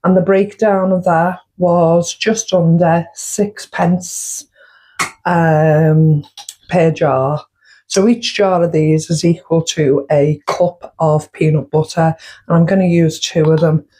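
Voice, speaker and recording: A woman's voice: sits low, steady tone, slow, warm tone, rough recording. A woman with a chatty manner, hosting a casual home baking vlog and walking through her costs step by step. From United Kingdom. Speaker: baking vlogger.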